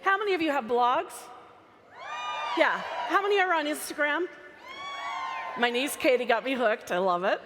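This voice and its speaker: A woman's voice: sits high, animated, normal speed, pauses often, noisy background. A woman giving a chatty, playful live talk from a stage microphone to a large convention crowd. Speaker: convention speaker. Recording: live hall sound with reverb.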